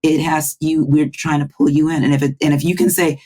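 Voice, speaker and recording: A woman's voice: deep voice, level tone, fairly quick, dark tone. A woman who is a guest audiobook narrator, talking in a roundtable conversation. She stammers and restarts phrases as she builds her point.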